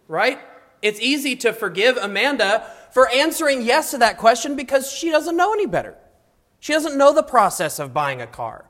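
A man teaching a classroom of high schoolers, talking casually, adding wry asides and often checking in with "okay?". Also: a bit bright. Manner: mildly sarcastic asides. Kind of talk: classroom lesson. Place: classroom with students.

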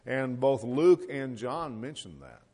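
A man's voice: mid-range voice, expressive, takes it slowly, mellow. Middle-aged male pastor, folksy conversational sermon, mid-range voice, asks the congregation questions.

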